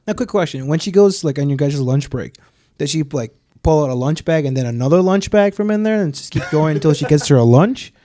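A man's voice: fairly high pitch, animated, a little fast, mellow, no echo. A man co-hosting a casual chat, throwing in joking asides and lots of mm-hmms.

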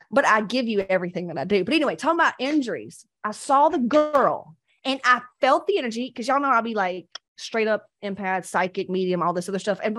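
A woman coaching on weight loss in a blunt, profane, animated motivational talk. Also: mid-range voice.

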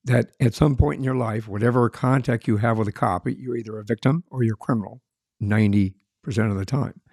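A low-voiced man with a gravelly edge, a former police officer chatting casually. His sound is dark and dry, and he often stops to repeat words as he gathers his thoughts. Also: no room sound. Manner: halting, repeats words while searching. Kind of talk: casual chat.

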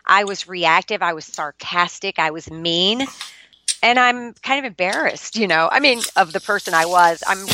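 A woman's voice: lowish voice, lively intonation, moderate pace, sharp tone, slight background noise. A middle-aged woman, a podcast guest, telling a personal story in an earnest, confessional and emotional way.

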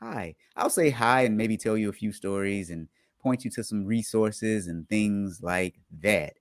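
Animated male podcast host, dry sound. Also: fairly low pitch, a little slow, no room sound. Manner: animated, jokey, reads news items aloud then explains them. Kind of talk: casual podcast chat.

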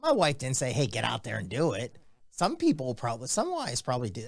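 A man hosting a casual sports betting podcast, telling jokey stories in an animated way. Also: medium pitch, brisk, vocal fry, no room sound. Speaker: podcast host.

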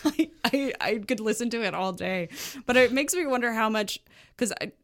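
A woman co-hosting a podcast in casual chat, eager and chatty with quick laughs. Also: fairly high pitch, lively intonation.

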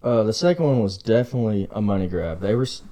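A man talking as a guest on a casual podcast, halting and a bit hesitant. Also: on the low side, lively intonation, dark tone.

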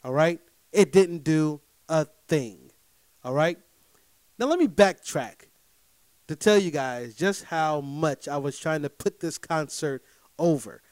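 A man delivers a casual storytelling monologue, slowly relating a personal story straight to his audience in a slightly high voice. Animated and emphatic, he checks in with listeners and shifts from loud bursts to low, muttered asides. The audio is close and dry, with no echo or room around it.

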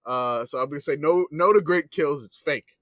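A man's voice: a little high, normal speed, fairly bright tone, dry recording. A man co-hosting a casual comedy podcast, rambling with restarts and laughing often. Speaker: podcast co-host.

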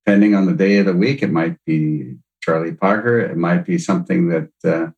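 A man with a very low voice, a guest on a podcast. He speaks thoughtfully, pausing with frequent uh's as he works out what to say. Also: a little mellow, dull audio. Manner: thoughtful, hesitant, many "uh"s. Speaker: podcast guest, music producer. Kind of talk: casual interview chat.

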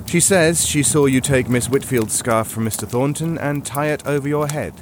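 An actor playing a Victorian detective sergeant who questions a suspect in a measured, pointed way in a radio drama. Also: male voice, mid-range voice, noisy background, natural voice. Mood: probing. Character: probing Victorian police detective, cool.

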